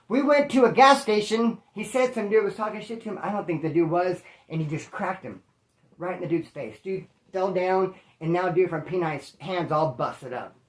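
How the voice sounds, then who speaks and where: A man hosting his channel, telling a street story in a casual, slangy, animated way. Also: high voice. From Bakersfield, California. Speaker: storyteller host. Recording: roomy echo.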